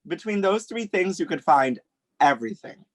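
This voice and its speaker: A man's voice: sits high, big pitch swings, moderate pace, no room sound. A man guesting on a podcast over a video call, campy and joking, promoting his work. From Long Island, New York. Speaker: podcast guest, food personality.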